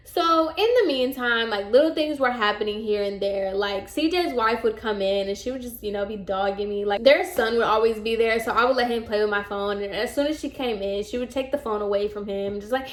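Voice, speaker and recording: Animated young woman telling a story. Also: fairly high pitch, a little fast, few pauses. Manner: animated, exasperated retelling that acts out both sides of the dialogue. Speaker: vlogger. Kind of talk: casual storytime. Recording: roomy echo.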